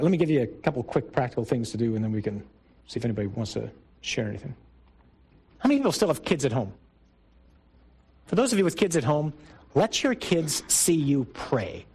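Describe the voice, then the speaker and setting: Husky-voiced priest preaching to men. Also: male voice, medium pitch, a little mellow, low-quality recording. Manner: conversational and emphatic, with rising bursts. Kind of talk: sermon talk to a men's group.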